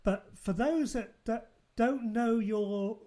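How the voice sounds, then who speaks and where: Man, podcast host, casual interview, halting, repeats words. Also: very high-pitched, mellow.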